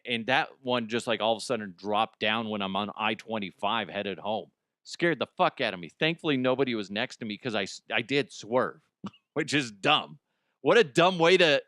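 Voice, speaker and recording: A man's voice: on the low side, a bit bright, no echo, studio quality. Profane, rambling comedy news host man. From United States. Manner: rambling, profane, laughs at his own jokes. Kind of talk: casual comedic commentary.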